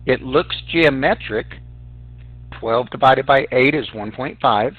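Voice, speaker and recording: The recording is dry and tinny, like a phone, capturing a male math teacher with a medium-pitched voice who speaks in an unhurried way. Step by step, he shows students how to work through sequences on a calculator, explaining each press aloud and speaking to them as "guys."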